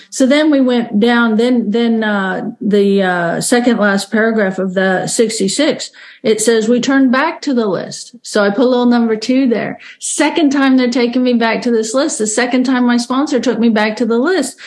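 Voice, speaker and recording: A middle-aged American woman telling her recovery story in an earnest, halting way, with many restarts and fillers. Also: a little high. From United States. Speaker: recovery speaker. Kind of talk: personal recovery share.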